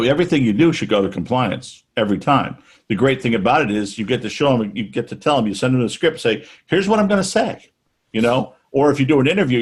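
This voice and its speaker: A middle-aged man talks through a sales webinar in an easygoing, rambling way. His voice is husky and of ordinary pitch. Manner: loose, chatty, with restarts and fillers. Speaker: webinar presenter. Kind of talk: casual sales webinar talk.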